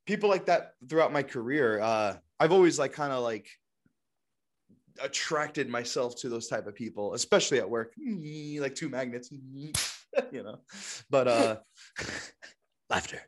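A man's voice: medium pitch, measured pace, long pauses. A young man co-hosting a podcast in casual chat, rambling and full of fillers like "like" and "you know". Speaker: podcast co-host.

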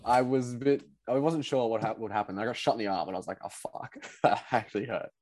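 A young man chatting casually, telling stories and acting out what people said with big jumps in his voice. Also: fast. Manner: animated storyteller, acts out quotes with big pitch jumps. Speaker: podcast co-host telling a story. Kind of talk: casual chat.

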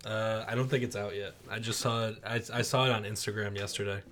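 Low-voiced man rambling casually. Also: fast talker, slight background noise. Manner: relaxed, rambling with many fillers. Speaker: podcast co-host. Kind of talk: casual chat.

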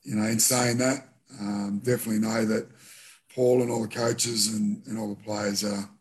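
A middle-aged Australian man, a former rugby league captain, speaking as a guest in a casual interview, relaxed and full of fillers and restarts. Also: on the low side, normal speed.

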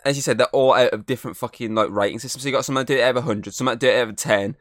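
A man's voice: medium pitch, very fast, no echo. Man, podcast co-host, casual chat, rambling, sweary, dry close sound. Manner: rambling, swears freely, many fillers.

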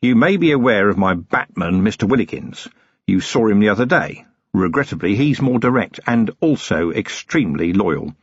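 A man reading the part of a stern, middle-aged police commander who talks in a quietly threatening, clipped and ironic way. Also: on the low side, animated, normal speed, slightly rough, no room sound, dull audio. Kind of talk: audiobook character reading.

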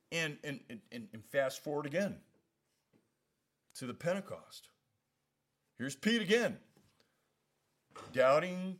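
Brief: man leading a Bible study, easygoing and conversational, pitch swings widely as he gets into it. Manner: conversational, animated, lots of "you know what I mean". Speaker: pastor. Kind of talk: casual Bible study teaching.

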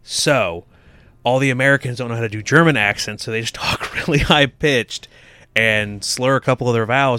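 A man's voice: medium pitch, brisk, pushed and bright, clear, resonant tone, no room sound. A man co-hosting a casual podcast, joking and chatting loosely, breaking into silly put-on voices now and then. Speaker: podcast co-host. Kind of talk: casual chat.

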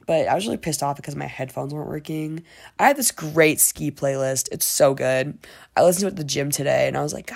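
Young woman rambling with vocal fry. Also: deep voice, fast, darkish tone. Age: young adult. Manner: rambling, filler-heavy, frequent swearing. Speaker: vlogger. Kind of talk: casual diary-style chat.

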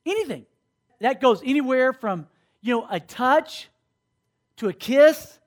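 A man in his fifties with a notably high voice delivers a sermon-style lesson to a room of young people. He talks in an animated, conversational way and keeps checking in with his listeners. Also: unhurried. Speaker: camp speaker teaching students. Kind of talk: sermon-style teaching to a youth audience.

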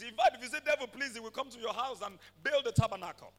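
A man preaching a sermon, swinging from quiet passages to shouted declarations and calling for amens. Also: very high-pitched, fast, hardly any pauses, big-room sound. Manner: calls for amens from the congregation. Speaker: pastor.

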